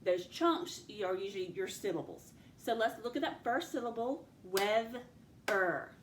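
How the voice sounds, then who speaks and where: A woman leads a spelling dictation lesson, sounding out every letter and syllable with slow, patient care. Her voice carries a noticeable room echo, with a faint hum of background noise behind it. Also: fairly high pitch, lively intonation. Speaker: teacher.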